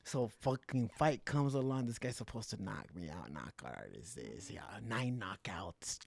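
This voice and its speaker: A young man from South Central Los Angeles, a fighter telling animated, profane stories as a podcast guest and slipping in Spanish words. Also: lowish voice, normal speed, creaky, no echo. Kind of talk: casual podcast storytelling.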